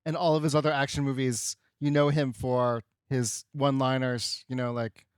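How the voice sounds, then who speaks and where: Smooth-voiced man chatting about movies. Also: mid-range voice, level tone, normal speed, no room sound, studio quality. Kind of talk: casual film discussion.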